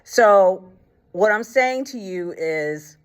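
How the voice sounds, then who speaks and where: A woman's voice: mid-range voice, lively intonation, takes it slowly. Woman host, casual faith talk, colloquial and blunt, retells stories with acted quotes, frequent fillers.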